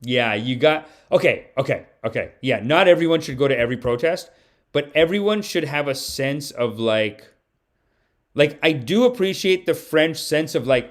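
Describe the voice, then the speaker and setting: A man's voice: fairly high pitch, expressive, normal speed. Rambling man reading stream chat. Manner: rambling, many "like"s. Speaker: comedian streamer.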